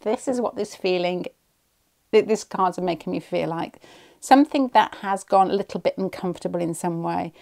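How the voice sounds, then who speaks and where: A woman's voice: fairly low pitch, normal speed, gravelly, darkish tone. A woman giving a pick-a-card tarot reading at home, thinking aloud and rambling, often restarting her sentences.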